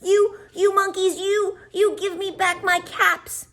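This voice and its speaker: A woman voicing an angry male cap peddler who scolds and shouts at monkeys in a storybook reading. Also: little pitch movement, takes it slowly. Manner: high-pitched, shouting and scolding.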